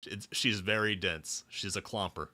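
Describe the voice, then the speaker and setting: A man's voice: lowish voice, moderate pace. A man streaming a game, joking around casually as he reads its dialogue aloud. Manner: jokey, animated, playful. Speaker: VTuber streamer. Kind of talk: casual livestream commentary and dialogue reading. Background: faint background music.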